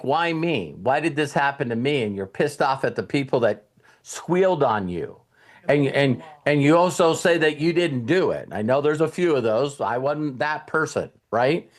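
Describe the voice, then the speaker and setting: A man's voice: a little high, very animated, normal speed. A middle-aged man, host of a coaching show, telling a personal story in a casual motivational talk and acting out his younger self's words. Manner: storytelling, acts out his younger self in quotes.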